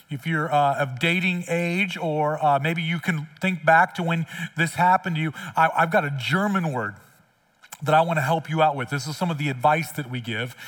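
Man preaching in church, high voice, blunt and chatty, repeats his point, heard from off the mic. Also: a bit bright, far from the mic. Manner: conversational, blunt, emphatic repetitions. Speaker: pastor. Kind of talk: sermon. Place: church sanctuary.

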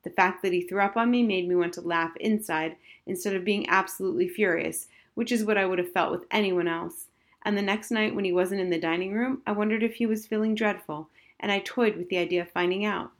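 A woman's voice: mid-range voice, fairly even intonation, brisk, natural voice. A woman voicing an airy, absent-minded mother who calls people dear, in a storybook reading. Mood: musing.

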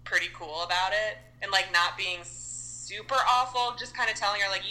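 A woman's voice: medium pitch, fairly even intonation, a little fast, few pauses, bright, forceful tone, poor audio. A woman co-hosting a casual film review chat, recounting scenes in a chatty, filler-heavy way. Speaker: podcast co-host reviewing a film.

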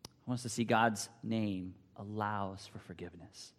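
A man's voice: on the low side, fairly even intonation, normal speed. Guy preaching a sermon, emphatic, repeats himself, drops to whispers, big echoey hall. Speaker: pastor. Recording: long hall reverb.

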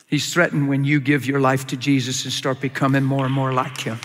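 A man preaching a sermon as a pastor, emphatic and given to sudden high, excited bursts. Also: a little fast, big-room sound, noisy background.

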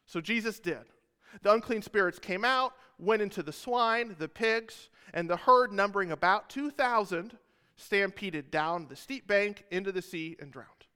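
Male pastor, high clear voice, casual sermon with jokes, long church reverb. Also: a little slow, pushed and bright. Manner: casual, joking asides to the congregation. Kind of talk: sermon with scripture retelling.

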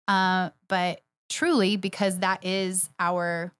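A woman's voice: on the low side, little pitch movement, slow, a bit bright, clear, resonant tone, dry recording, studio quality. A woman co-hosting a church podcast, chatting casually, laughing often and agreeing emphatically. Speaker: podcast co-host, church next steps director. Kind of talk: casual chat.

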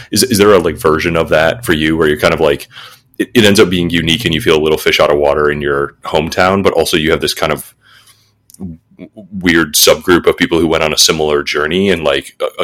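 A man from the Midwest hosting a casual interview, speaking thoughtfully with halting restarts. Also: very deep voice, fairly even intonation, fairly bright tone.

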